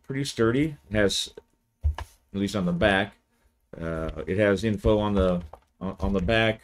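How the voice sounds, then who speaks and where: A man, hosting his channel and giving a relaxed, rambling video review. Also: on the low side. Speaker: channel host, game reviewer.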